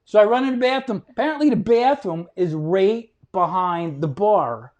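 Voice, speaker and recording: Loud storytelling New man. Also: sits high, fairly quick, hardly any pauses. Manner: animated, loud acted-out storytelling, swearing. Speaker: guest comedian. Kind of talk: storytelling on a podcast.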